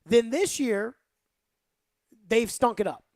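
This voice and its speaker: A woman's voice: fairly high pitch, expressive, takes it slowly, a little mellow, no room sound. Emphatic woman sports radio host, dry. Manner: emphatic, rambling, says "like" a lot. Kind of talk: opinionated sports talk radio.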